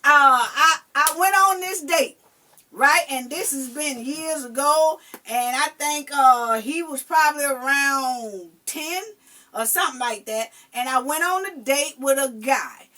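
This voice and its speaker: A mother telling a personal story in casual chat, emphatic and animated, swearing now and then. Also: high-pitched, unhurried, far from the mic.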